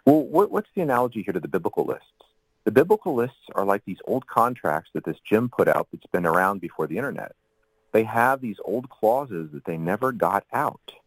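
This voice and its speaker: A man's voice: fairly low pitch, sing-song, a little fast, husky, no echo, rough recording. A man explaining church canon history in a casual talk, rambling with many fillers and asides.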